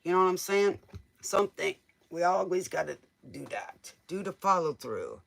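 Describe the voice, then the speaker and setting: A man's voice: high voice, very animated, moderate pace, creaky, background noise. A man doing a casual live-stream tarot reading, joking, teasing and laughing as he answers viewers' questions. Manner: jokey, teasing, laughs often. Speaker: tarot reader.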